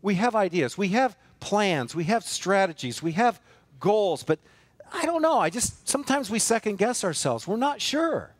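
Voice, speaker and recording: Man, pastor, sermon, high-pitched voice, dry close sound, emphatic repetition, rhetorical questions. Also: sing-song, moderate pace, no echo. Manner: emphatic, builds with repeated phrases; earnest, asks many rhetorical questions. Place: church sanctuary.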